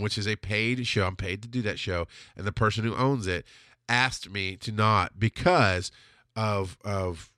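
A man's voice: mid-range voice, pushed and bright, no room sound, clean studio sound. A middle-aged man hosting a podcast, telling stories in a rambling, self-correcting way. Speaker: podcast host. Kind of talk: casual solo storytelling.

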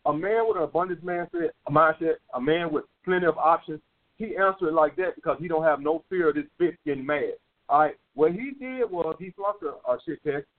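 A man's voice: fairly high pitch, brisk. A man hosting a call-in dating advice show, lecturing bluntly with lots of profanity and repetition. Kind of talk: call-in radio advice talk. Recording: phone-like lo-fi radio sound.

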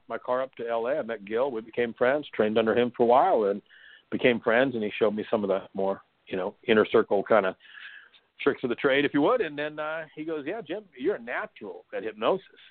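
Phone-quality sound with no room sound carries this middle-aged man's medium-pitched, slightly fast voice. He's a hypnosis trainer from San Diego, California, chattily recounting stories in an interview, laughing now and again and using many fillers.

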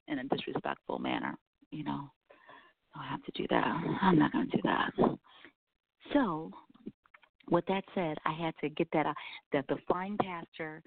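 A woman with a low voice delivers a blunt, frank talk radio rant and swears casually. Her voice comes through thin and tinny, like a phone line, with a dry, close sound. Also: dry recording. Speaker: radio show host.

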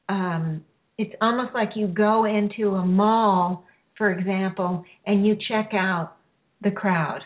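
A woman hosting a radio-style healing show, guiding listeners through a release in a slow, soothing, halting way. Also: medium pitch. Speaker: spiritual healer hosting a show. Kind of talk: guided healing session. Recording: phone-like narrow sound.

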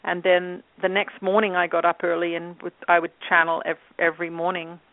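A woman in her fifties from England, a guest telling her story in a relaxed interview with many fillers. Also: fairly low pitch, brisk, no echo. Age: 50s. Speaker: guest, channel and author. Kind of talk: casual interview talk. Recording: tinny phone line.

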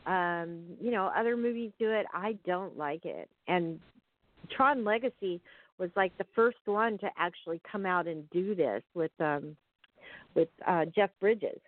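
A woman's voice: fairly low pitch, unhurried. A woman hosting a casual chat about films, chatty and often searching for words. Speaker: podcast host. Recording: tinny phone-like sound.

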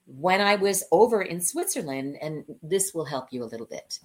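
A woman guest, a cabaret singer, telling stories from her career in an animated, conversational way and laughing often. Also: lowish voice, moderate pace. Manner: lively anecdotes, acting out the voices of people she quotes; laughs often mid-story.

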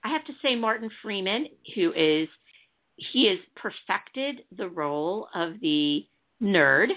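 A woman from the Chicago area, with a medium-pitched voice and lively intonation, talks slowly as a TV review panelist. Her casual chat rambles with frequent restarts, and the line sounds tinny and phone-like.

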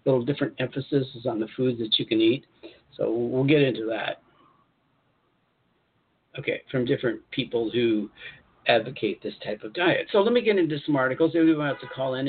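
A man hosting a spiritual advice show, speaking in an encouraging, repetitive way and pausing to comment as he reads articles aloud. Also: mid-range voice, husky. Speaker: host channeling spirit guides. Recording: tinny phone-like audio.

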